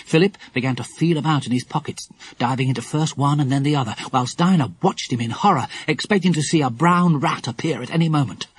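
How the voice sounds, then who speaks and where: A man narrating a children's audiobook in an animated, expressive way. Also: a little high, fairly quick, breathy edge.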